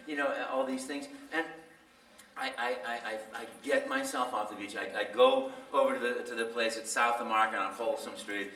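A man tells stories at a convention panel in an animated, laughing way, acting out the voices as he goes. His voice is bright, and the sound echoes around a large hall from a distance. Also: medium pitch. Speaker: voice actor, panel guest. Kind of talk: storytelling at a fan convention panel.

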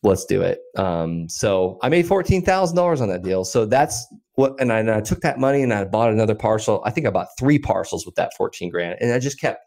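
A man in his thirties, a podcast guest, telling a story with lively acted-out dialogue. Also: lowish voice, brisk, gravelly, hardly any pauses. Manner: animated storyteller acting out dialogue. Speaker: podcast guest, land investor. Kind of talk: storytelling in an interview.

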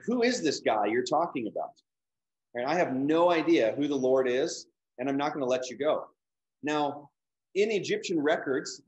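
A man lecturing on scripture in a relaxed, conversational way. He keeps checking in with his listeners and his pitch sits in an ordinary middle range. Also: poor audio. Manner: conversational, fillers, frequent "right?" check-ins. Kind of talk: casual Bible lecture.

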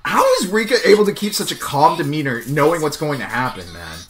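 A man giving live, chatty reaction commentary on an anime episode, excitable and thinking aloud with lots of fillers. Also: a little high, fast talker, soft background music.

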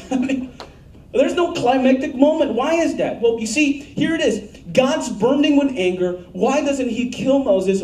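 Pastor, male, high-voiced, mellow tone, blunt emphatic sermon delivery, roomy church sound from off-mic. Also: distant mic. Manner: blunt, emphatic preaching with asked-for audience answers.

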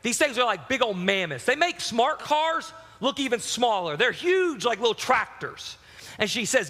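A man preaching a sermon as pastor, telling a personal story with lively shifts from loud, excited bursts to quiet, reflective passages. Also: very high-pitched, moderate pace, long reverb tail.

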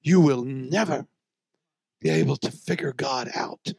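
A man preaching a fiery sermon, emphatic and folksy, with drawn-out phrases that swing between loud and hushed, plus joking asides to the congregation. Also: medium pitch, very animated, vocal fry, breathy edge, dry recording. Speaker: visiting preacher.

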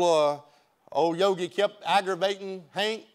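A man's voice: high-pitched, animated, moderate pace. A man, a pastor preaching an emphatic sermon in a church and often repeating his words. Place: church sanctuary.

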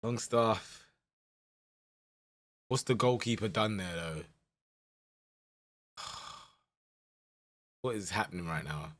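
A young man giving live commentary over a football management game, swinging from muttered dread to shouted excitement. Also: lowish voice, slow, pauses often. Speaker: gaming YouTuber.

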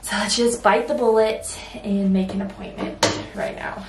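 A woman's voice: mid-range voice, steady tone, normal speed, echoey room, very noisy. Bubbly young woman vlogging at home. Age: 20s. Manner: bubbly, gushing, giggly. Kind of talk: casual vlog chat. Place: home, indoors.

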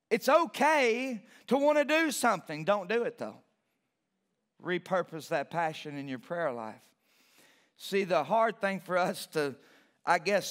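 High-voiced preacher guy, slow and deliberate, gets fired up repeating stuff in church. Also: fairly bright tone. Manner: passionate, repetitive preaching with rising emphasis. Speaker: pastor. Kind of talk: sermon. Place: church sanctuary.

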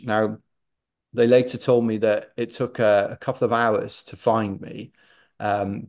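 A middle-aged man, a podcast guest, telling a running anecdote with animated self-deprecating humour. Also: fairly low pitch. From Wales. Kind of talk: anecdotal storytelling.

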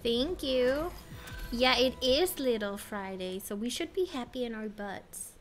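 A woman's voice: a little high, animated, a little slow, soft background music. A woman streaming a video game, chatting and giggling to herself and her viewers at a desk mic. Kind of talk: casual live-stream chat while playing.

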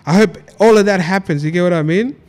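A man's voice: sits high, fast talker, a little mellow. A young man with an Australian accent, a guest in a casual podcast conversation, speaking in laid-back slang full of fillers like "you get what I mean".

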